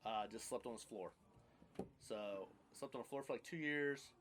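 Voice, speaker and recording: A man's voice: medium pitch, normal speed, slight background noise. A man in his thirties casually telling his life story on a podcast, rambling and blunt, with casual swearing.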